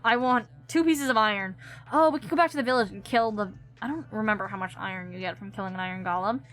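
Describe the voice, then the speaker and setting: Bright, giggly young woman streamer. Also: medium pitch, fast talker. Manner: chatty, giggly, thinking aloud. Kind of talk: casual gameplay commentary.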